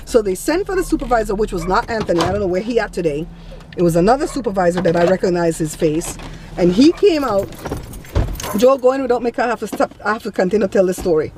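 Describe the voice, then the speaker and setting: A woman vlogger telling a story in a casual, animated way, indignant and blunt. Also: mid-range voice, fast, noisy background.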